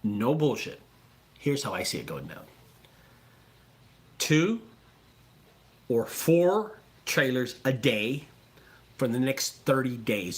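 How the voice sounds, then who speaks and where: This is a man who runs a junk removal business, talking straight to his viewers. His pitch swings up and down a lot as he gets worked up, and he swears freely and stumbles over repeated words. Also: big pitch swings, slow pace, long pauses. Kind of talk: casual profane vlog talk.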